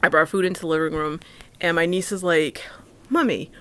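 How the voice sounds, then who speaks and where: A woman talking casually to the camera alone in her apartment, halting, with many restarts and fillers. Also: lowish voice, flat delivery, a bit bright, smooth. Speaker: vlogger. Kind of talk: casual personal talk to camera.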